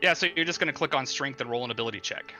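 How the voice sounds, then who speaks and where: Very bright-voiced man running a tabletop game. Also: mid-range voice, rapid-fire, soft background music. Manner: casual, filler-heavy narration. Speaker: game master.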